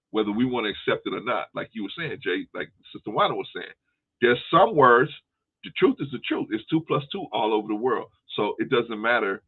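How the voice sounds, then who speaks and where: Low-voiced man on a tinny phone line. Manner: explains at length with homespun analogies, frequent restarts. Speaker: host. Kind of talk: casual discussion.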